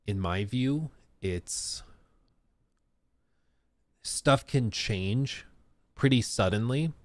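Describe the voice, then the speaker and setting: A man with a fairly low voice hosts a casual live stream, recorded with no echo. A streamer and games reviewer, he rambles in a self-deprecating way, full of fillers, while reading out chat comments.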